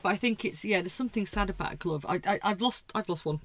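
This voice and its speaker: A woman who co-hosts a podcast, reads a poem gently and wistfully, and chats casually. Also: mid-range voice, fast talker. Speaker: podcast co-host. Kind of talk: casual chat and poetry reading.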